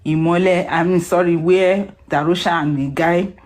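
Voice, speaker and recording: An emotional woman on the line, close to tears, her voice pitched somewhat low. She speaks earnestly and pleads her point. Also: steady tone, moderate pace, a little mellow.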